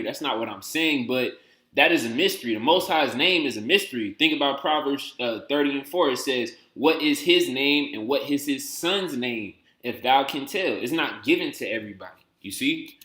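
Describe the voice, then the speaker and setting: Male reaction host, emphatic casual delivery, bright tone, roomy echo. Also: medium pitch, normal speed. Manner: conversational, emphatic, streetwise slang. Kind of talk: casual commentary.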